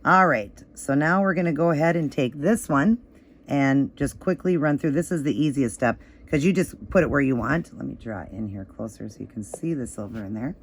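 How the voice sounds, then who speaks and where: A slightly hoarse woman giving a casual, chatty step-by-step nail art tutorial, with easygoing instructions and fillers. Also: deep voice. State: slightly hoarse, voice still crackly.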